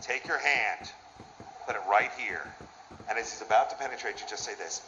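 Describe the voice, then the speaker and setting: A man doing a crude stand-up comedy set in a club, with a brash, lively delivery. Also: on the low side, normal speed, dull audio, heavy background noise. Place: comedy club with a laughing audience.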